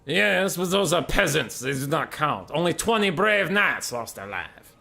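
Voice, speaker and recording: A man's voice: a little high, sing-song, creaky, sharp tone, voice pushed up, exaggerated voice. A man doing a haughty scoffing knight lord. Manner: scoffing, slow and snobbish. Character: haughty scoffing male Bretonnian noble knight.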